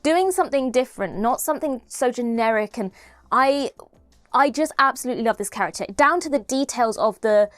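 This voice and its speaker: A woman's voice: fairly high pitch, lively intonation, brisk, no room sound. A woman giving a chatty, enthusiastic spoken review of a TV episode, often restarting her phrases. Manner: enthusiastic, chatty, frequent self-corrections.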